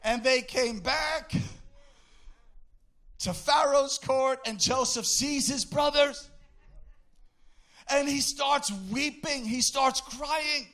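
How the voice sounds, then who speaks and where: An impassioned male preacher with a very high, bright voice. He speaks slowly and deliberately, then bursts into shouting and sing-song cadences. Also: fairly even intonation. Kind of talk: sermon.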